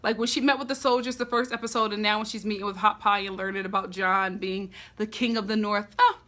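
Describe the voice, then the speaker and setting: A woman giving a casual, expressive TV episode recap as a vlogger. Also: mid-range voice, quick pace. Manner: expressive, animated storytelling.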